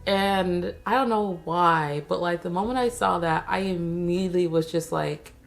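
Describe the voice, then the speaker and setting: Woman doing a snarky tv recap, kinda low voice with lots of vocal fry, faint music under it. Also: normal speed. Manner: sarcastic, chatty, slangy commentary. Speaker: TV recap vlogger. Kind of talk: casual spoken episode recap.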